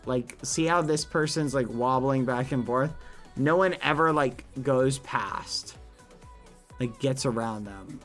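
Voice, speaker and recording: A young man streaming a game and talking to his chat, excitable, shooting up high when surprised and swapping swears for silly words.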